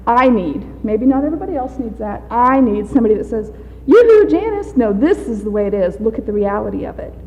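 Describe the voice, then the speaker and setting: A woman giving a candid, halting personal testimony at a recovery meeting, often breaking into laughter. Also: mid-range voice. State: out of breath. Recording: dull echoey hall recording.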